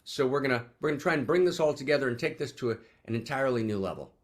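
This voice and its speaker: Animated man rallying his group. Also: mid-range voice, very fast. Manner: rallying, repeats questions, swings from loud to soft. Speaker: host and teacher. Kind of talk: teaching talk to an online group.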